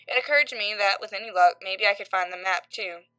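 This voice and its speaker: A woman narrating a creepypasta horror story, voicing its characters with shifts in pitch and loudness. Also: a little fast, clean tone, poor audio. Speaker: creepypasta reader. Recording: faint background music.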